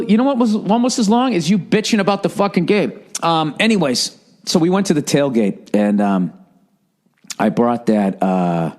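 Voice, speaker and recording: A man's voice: mid-range voice, darkish tone. Profane rambling middle-aged man. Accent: Boston. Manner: profane, rambling storytelling with lots of swearing. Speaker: podcast host. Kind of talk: casual solo podcast monologue.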